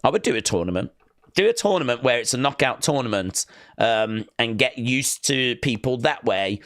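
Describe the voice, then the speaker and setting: A man's voice: mid-range voice, expressive, normal speed, a bit bright, dry recording, studio quality. A man hosting a casual live watch-along stream, chatting loosely and reading viewer comments aloud.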